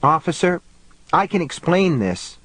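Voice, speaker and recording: A man doing a scared husband who pleads in a weak voice, pushed higher than the narrator's own. The reading is dry and close, with no room around it. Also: very animated, unhurried, a bit bright, dry recording, exaggerated voice. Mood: pleading. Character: frightened, pleading young husband. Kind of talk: audiobook character voice.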